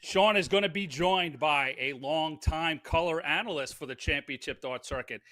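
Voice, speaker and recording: A man's voice: fairly high pitch, normal speed, few pauses, pushed and bright. A man hosting a casual podcast, upbeat and chatty with plenty of fillers. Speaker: podcast host.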